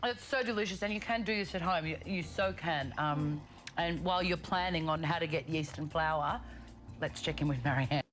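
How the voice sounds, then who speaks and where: A woman's voice: deep voice, moderate pace. Giggly woman TV host over music. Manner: giggly, playful. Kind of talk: playful studio chat. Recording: music behind the voice.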